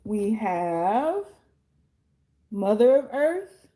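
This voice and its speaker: A young woman with a hoarse, fading voice, chatting casually and bluntly as she reads tarot cards, swearing now and then. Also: mid-range voice, big pitch swings, extremely slow, mellow, a little hiss or hum. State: hoarse, losing her voice. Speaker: tarot reader and life coach.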